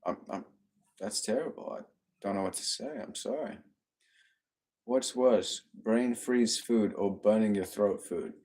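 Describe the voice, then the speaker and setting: A cheerful man with a fairly low voice chats on a live stream and reads viewer comments aloud. He laughs easily and keeps the tone upbeat. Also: a little slow, a little mellow. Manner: upbeat, laughs often, talks to his dogs. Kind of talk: casual live-stream chat reading comments.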